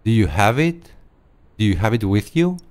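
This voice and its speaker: A man's voice: fairly low pitch, very animated, normal speed. A man voicing a pompous knight of a secret order in a video game, grandiose and theatrical, slipping into game-show host patter. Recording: game audio over loud music.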